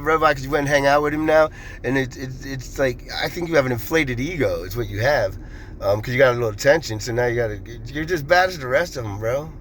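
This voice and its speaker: A man's voice: a little high, vocal fry, a bit bright, slight background noise. Blunt, profane man ranting on camera. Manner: blunt, profane, rambling with many restarts. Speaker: commentator. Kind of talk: ranting vlog commentary.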